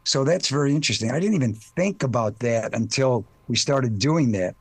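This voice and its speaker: An older man with a Chicago accent speaks haltingly, filling his pauses with uh sounds while he searches for words. His voice sits at an ordinary middle pitch, and the recording is dry and close. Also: animated, breathy edge, dry recording. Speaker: actor guest. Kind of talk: casual interview chat.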